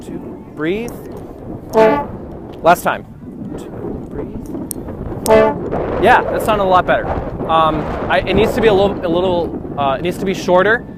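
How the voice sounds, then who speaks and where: A man's voice: high voice, expressive, brisk, heavy background noise. Man counting off a band rehearsal. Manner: coaching, counting off beats and singing rhythms. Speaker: band teacher. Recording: music playing in the background.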